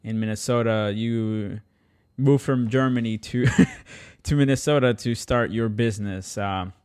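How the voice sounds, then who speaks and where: A man's voice: lowish voice, steady tone, measured pace, darkish tone, clear, resonant tone. Guy hosting a podcast, kinda hesitant, lots of uh and um. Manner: hesitant, many fillers and restarts. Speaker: podcast host. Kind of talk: casual chat.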